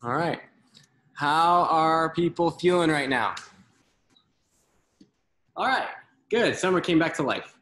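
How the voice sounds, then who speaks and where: A man leading an online workout class over a video call, giving brisk, encouraging cues and counting down reps. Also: on the high side, animated, a bit bright. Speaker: fitness instructor. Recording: very echoey room, faint noise.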